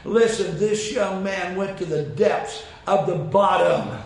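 High-voiced preacher in an echoing room. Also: male voice, takes it slowly, vocal fry. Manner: impassioned, rising to shouted climaxes; folksy storytelling with repeated phrases. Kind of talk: sermon. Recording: very echoey room with faint noise.

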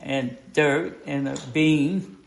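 A woman's voice: low voice, steady tone, very slow, gravelly, a little hiss or hum. An older woman leading an informal Bible study, talking in a folksy, conversational way and asking the group questions.

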